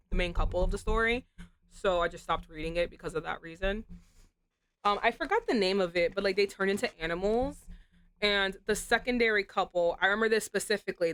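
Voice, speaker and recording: A woman streamer chatting casually to her viewers while getting over a cold, with a slight rasp in her throat, giggly and chatty with sudden animated outbursts. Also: mid-range voice. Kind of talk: casual live-stream chat.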